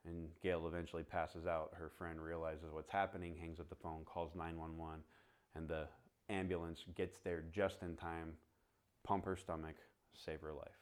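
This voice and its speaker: A man's voice: deep voice, moderate pace. A man preaching as a pastor, telling a personal story and acting out the conversations with humor. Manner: animated storyteller, acts out dialogue, laughs at himself. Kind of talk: sermon storytelling.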